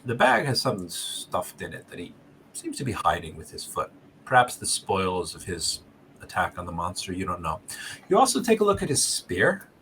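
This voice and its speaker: Man narrating as game master, lively pitch. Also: moderate pace, a little hiss or hum. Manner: descriptive, explanatory.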